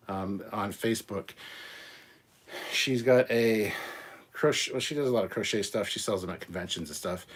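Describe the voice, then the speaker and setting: A man's voice: medium pitch, brisk, breathy edge. A man hosting his own channel, chatting casually in a rambling, jokey way with many fillers. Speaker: channel host. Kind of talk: casual livestream chat.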